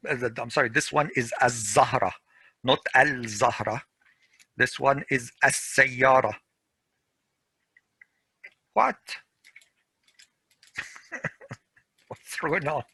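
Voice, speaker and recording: Man, teacher, slow drilling delivery, gravelly voice, dry close sound. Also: mid-range voice, pushed and bright, dry recording, rough recording. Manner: slow, repeats words for pronunciation drills. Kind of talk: classroom grammar lesson.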